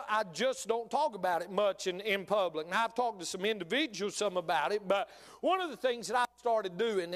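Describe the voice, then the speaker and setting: A man's voice: high-pitched, a bit bright, in a large hall. A middle-aged man preaching a sermon in a church, folksy and repetitive, with many "uh" fillers and sudden emphatic bursts. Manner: folksy, repeats phrases, frequent "uh" fillers, rising emphatic bursts. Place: church sanctuary.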